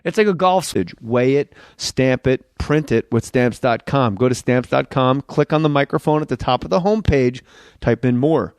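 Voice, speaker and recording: A man's voice: medium pitch, moderate pace, clean tone, dry recording, studio quality. A middle-aged man hosting a comedy podcast, joking around and reading an ad. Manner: animated, jokey, lots of put-on quote voices. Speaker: podcast host. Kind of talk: casual comedic chat and host-read ad.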